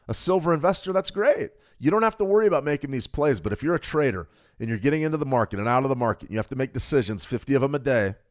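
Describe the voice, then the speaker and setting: A middle-aged man hosting a live trading stream, walking through charts quickly and joking with viewers in the chat. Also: mid-range voice. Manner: fast, animated, jokes with viewers. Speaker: trading show host. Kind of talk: live market analysis with chat replies.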